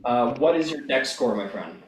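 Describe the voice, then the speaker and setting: Male game master on a home mic: animated delivery, a bit scattered, recorded in a roomy space. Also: mid-range voice, moderate pace. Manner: scattered, apologetic, thinking aloud. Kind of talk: running a tabletop game. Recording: roomy mic with faint noise.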